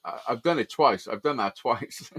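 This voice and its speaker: A man telling stories in an animated, sweary way in casual chat. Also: mid-range voice, normal speed, slightly rough. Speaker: host.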